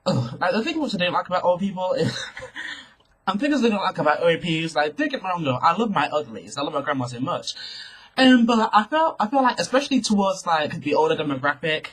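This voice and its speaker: Sassy guy in his twenties, lively husky delivery, storytime vlogger. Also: high voice, a little fast, poor audio. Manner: sassy and animated, keeps saying girl. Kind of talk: storytime rant to camera.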